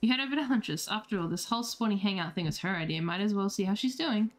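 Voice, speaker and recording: A woman's voice: mid-range voice, expressive, fast talker. Playful woman streamer reading a game aloud. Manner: playful and giggly, reacts to chat.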